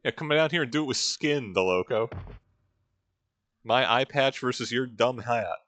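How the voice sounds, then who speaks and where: A man's voice: mid-range voice, normal speed, fairly bright tone, dry recording. A man hosting a let's-play, giving sardonic, jokey and rambling commentary. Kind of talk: casual gameplay commentary.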